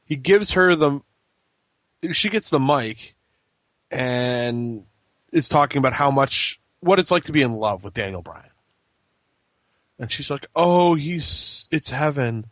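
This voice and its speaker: On a relaxed wrestling podcast, a male co-host recaps with humor, quoting people in silly, mock-breathy voices. He sounds animated and a bit bright at medium pitch, speaking at a measured pace and pausing often. The audio carries no room sound.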